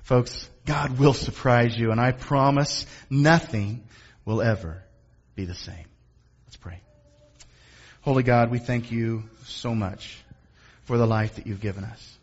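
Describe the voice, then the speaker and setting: Husky, earnest male pastor praying. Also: medium pitch, fairly even intonation, dull audio. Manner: earnest, unhurried, softly prayerful. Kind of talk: sermon and pastoral prayer.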